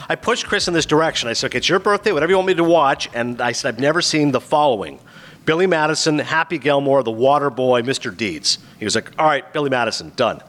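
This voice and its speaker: A male podcast host in casual chat, animated and quick to mimic movie lines. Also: mid-range voice.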